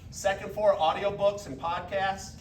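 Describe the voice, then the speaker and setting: A high-voiced man in his fifties gives a folksy, energetic motivational talk. He is heard from far off in an echoey meeting room. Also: a little slow, a little hiss or hum. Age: 50s. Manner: energetic, folksy, leads audience call-and-response. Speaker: business speaker.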